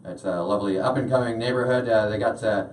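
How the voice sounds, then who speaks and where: A man's voice: fairly low pitch, fast talker, a little mellow. A young man doing a stand-up set, rambling with lots of filler uhs. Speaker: stand-up comedian. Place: small washroom used as a stage. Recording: echoey room, voice from far off.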